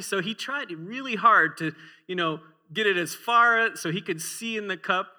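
Bright, tense-voiced male preacher. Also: high-pitched, moderate pace. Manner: conversational, humorous, asks the congregation questions. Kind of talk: sermon. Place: church.

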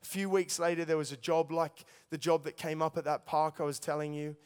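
Young male preacher, storytelling testimony, smooth and resonant, big reverberant hall. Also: fairly high pitch, little pitch movement, brisk. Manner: storytelling, earnest, addresses listeners as guys. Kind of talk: sermon testimony.

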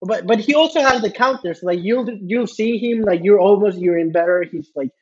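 A podcast guest, a man with a high, husky voice, chats in a loose, rambling way full of fillers and restarts. The recording sounds dull and a little lo-fi. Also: moderate pace. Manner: rambling, many fillers and restarts, laughs often. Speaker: podcast guest, jiu-jitsu student. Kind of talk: casual storytelling chat.

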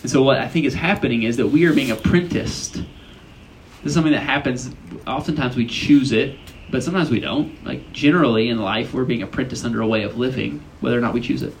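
A man's voice: mid-range voice, fast talker, vocal fry, slight background noise, rough recording. A young man giving a casual, conversational sermon at a college retreat, often asking the listeners questions. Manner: chatty, asks the audience questions.

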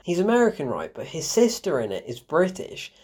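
A young adult film reviewer rambling through an opinion in an offhand, chatty way. The talk wanders through sarcastic asides, fillers and restarts. The voice sits at an everyday middle pitch. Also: wildly swooping pitch, brisk, a little mellow, breathy edge. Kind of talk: casual spoken film review.

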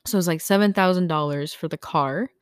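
A teenage girl, somewhat low in pitch, chats casually with a friend and acts out other people's lines as she tells her story. The sound is dry and close, with no room echo. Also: brisk, smooth. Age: teens. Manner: chatty storyteller, acts out quotes, laughs often. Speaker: podcast co-host. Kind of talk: casual chat. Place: indoors at home.

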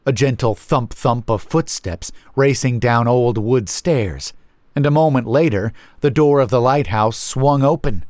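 A man narrating a first-person horror story in a slow, measured, brooding manner on a close mic. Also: medium pitch, no echo.

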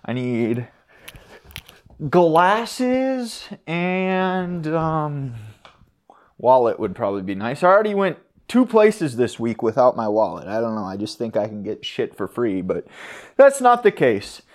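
A man hosting a podcast, telling a rambling story in casual chat from his car, animated and swearing, trailing off and restarting. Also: mid-range voice, slow, no room sound, clean studio sound. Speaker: podcast host. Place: in his car, parked then driving. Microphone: handheld audio recorder.

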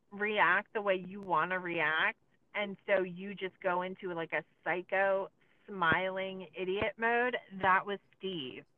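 A woman co-hosting a podcast, recapping a documentary in casual chat, with many filler likes and sarcastic asides. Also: medium pitch. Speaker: podcast co-host. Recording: tinny phone-like sound, dry.

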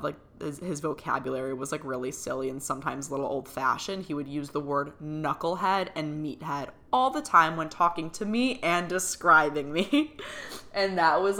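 A woman's voice: low voice, pushed and bright. A young woman telling a personal story in a chatty way, full of fillers and laughing now and then, as a podcast host. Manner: chatty, full of "like" and "you know", laughs often.

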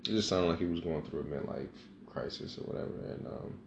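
Deep-voiced man telling a rambling story. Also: brisk, gravelly, reverberant, highs cut off, noisy background. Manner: profane, rambling, emphatic. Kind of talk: casual personal storytelling.

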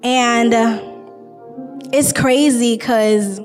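A young woman giving a spoken faith testimony to a gathering, in casual slangy talk full of filler words that builds to shouted praise. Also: on the high side, steady tone, drawn-out words, in a large hall, faint music behind. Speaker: testimony speaker.

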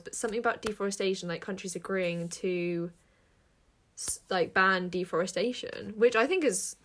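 A young woman co-hosting a podcast, chatting casually and breaking into sudden exclamations. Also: medium pitch. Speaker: podcast co-host. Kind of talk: casual chat.

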